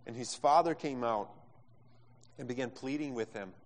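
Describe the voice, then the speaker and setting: A man of middling pitch preaches, his words rolling with passion and a learner's phrasing. He speaks into a microphone, and a long hall reverb trails behind every line. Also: normal speed. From Brazil. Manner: impassioned preaching, non-native phrasing, acts out quotes. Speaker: pastor. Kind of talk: sermon.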